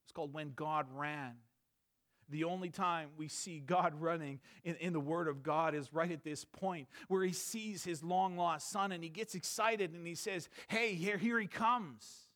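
A man in his thirties preaching a sermon, moving between quiet storytelling and fervent emphatic preaching. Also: a little high, steady tone, normal speed. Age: 30s.

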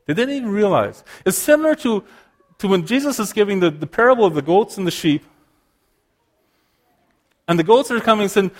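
A man delivering a sermon with a somewhat high-pitched voice. He explains scripture earnestly and restarts phrases as he works through a point. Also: animated, normal speed. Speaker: preacher.

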